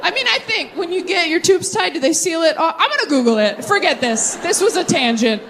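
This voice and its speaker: A young woman doing a stand-up set with crowd work, chatty and animated, drifting into tangents and catching herself. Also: very high-pitched, a little fast, slight background noise. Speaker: stand-up comedian. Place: comedy stage before a live audience. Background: audience laughter.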